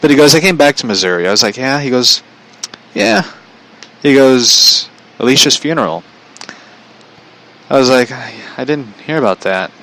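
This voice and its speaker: A man's voice: mid-range voice, lively intonation, normal speed, long pauses, bright, forceful tone, poor audio. A man casually telling a personal story, chatty, relaying a conversation line by line and laughing often.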